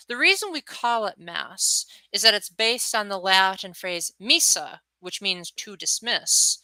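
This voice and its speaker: Young woman streamer, casual and talkative; bright, crisp tone, dry close mic. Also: mid-range voice, no echo, low-quality recording. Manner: chatty, answers viewers' chat, acts out quotes. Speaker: livestream host. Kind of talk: casual livestream chat.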